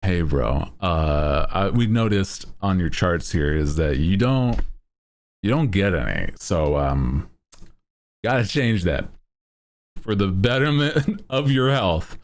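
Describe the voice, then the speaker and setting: A man's voice: deep voice, lively intonation, slow, full character voice. A man doing a blunt, teasing doctor. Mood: mock-concerned. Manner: mock-serious, teasing. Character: blunt male doctor scolding a patient.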